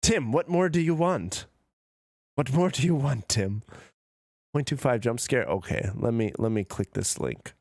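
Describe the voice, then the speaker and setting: A man's voice: mid-range voice, animated, measured pace, creaky, a little mellow, no echo, clean studio sound. Drunk rambling streamer man. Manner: rambling, swearing, chatting with viewers. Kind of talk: casual live-stream chat.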